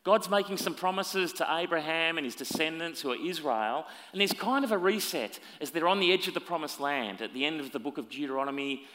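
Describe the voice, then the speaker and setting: Preacher with a bright, ringing voice. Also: male voice, on the high side, brisk, few pauses. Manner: dramatic, swinging between loud emphasis and hushed asides. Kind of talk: sermon. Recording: long reverb of a large hall.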